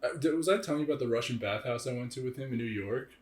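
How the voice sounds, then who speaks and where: A young man co-hosting a podcast, chatting in an animated way, laughing often and filling his talk with "like" and "dude". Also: medium pitch, very fast. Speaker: podcast co-host. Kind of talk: casual chat. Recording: echoey room.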